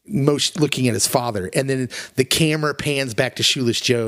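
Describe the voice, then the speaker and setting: A man co-hosting a podcast in casual chat, retelling movie scenes with animated, emotional delivery. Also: medium pitch, normal speed, no echo, studio quality. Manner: animated, emotional, acts out quotes in raised voice. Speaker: podcast co-host.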